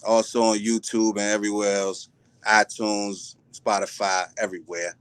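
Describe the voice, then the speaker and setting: Laid-back male guest, smooth voice, stumbles over his words. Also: fairly low pitch, flat delivery, moderate pace, dry recording. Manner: laid-back, stammers and restarts. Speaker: guest and musician. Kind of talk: casual live-stream chat.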